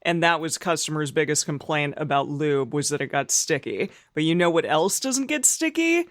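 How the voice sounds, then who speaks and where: A man's voice: fairly high pitch, lively intonation, normal speed, fairly bright tone, dry recording, studio quality. A man co-hosting a podcast, reading sponsor spots in an upbeat, chatty way. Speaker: podcast co-host. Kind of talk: casual podcast chat with ad reads.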